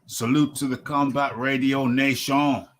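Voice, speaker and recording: A man's voice: mid-range voice, level tone, a little slow. A man hosting a live boxing talk stream, chatty as he reads out the names of viewers. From United Kingdom. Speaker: host.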